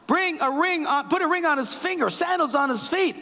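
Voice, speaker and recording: Man putting on a jubilant father, high and bright, calling out orders, gravelly edge, reverberant church hall. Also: brisk, full character voice. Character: overjoyed father welcoming his son home.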